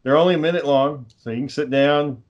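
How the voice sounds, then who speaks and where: A man's voice: a little high, steady tone, brisk, darkish tone, dull audio. A man co-hosting a podcast in casual chat, giving rambling explanations full of fillers and frequent swearing. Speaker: podcast co-host.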